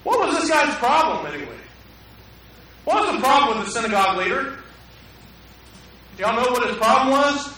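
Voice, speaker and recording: High-voiced preacher in echoey church. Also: male voice, sing-song, normal speed, long pauses, bright, forceful tone. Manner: conversational, asks the congregation questions. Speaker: pastor. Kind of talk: sermon. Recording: echoey hall, mic at a distance.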